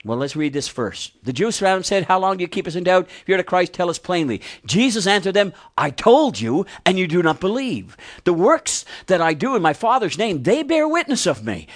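A man's voice: high voice, big pitch swings, a little fast, few pauses. A man preaching a sermon, asking the congregation questions and repeating key phrases for emphasis. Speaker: pastor.

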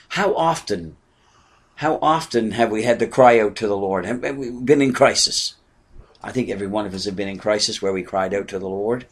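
An older man preaching an earnest sermon, moving from soft asides to raised exclamations. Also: medium pitch, expressive, normal speed, breathy edge. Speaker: pastor.

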